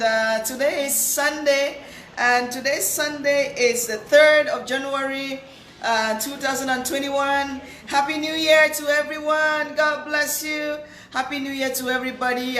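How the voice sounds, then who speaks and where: A woman's voice: high-pitched, fairly bright tone. A woman hosting a live stream, greeting viewers by name in a chatty, repetitive way, her voice thick with a cold. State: nasal with a cold. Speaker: livestream host. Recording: echoey room with faint hiss.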